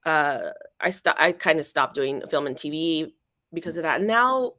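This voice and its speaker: A woman in her fifties with a somewhat low voice, recorded dry and close. She answers thoughtfully, pausing and restarting often as she chats. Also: animated, pushed and bright, no room sound. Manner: reflective, hesitant, many fillers. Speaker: actress, guest. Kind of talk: casual interview chat.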